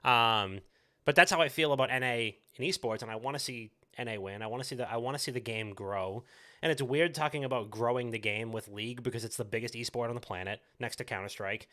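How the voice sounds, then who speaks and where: A man's voice: mid-range voice, fast, pushed and bright. A man hosting a gaming podcast, talking casually about esports with lots of filler words and the odd swear. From United States. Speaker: podcast host. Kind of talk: casual chat.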